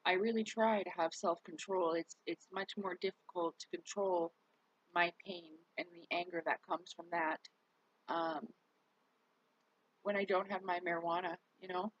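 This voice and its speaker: A woman's voice: lowish voice, steady tone, normal speed, no room sound, highs cut off. A worn-out woman talking candidly to her viewers in a rambling, casual vlog, cursing now and then. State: worn out, recovering. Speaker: vlogger.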